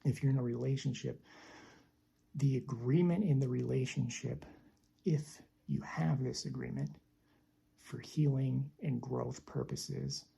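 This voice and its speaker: A woman giving a slow, reflective spiritual teaching talk, deliberate and repeating phrases for emphasis. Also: extremely low pitch, gravelly, mellow, husky.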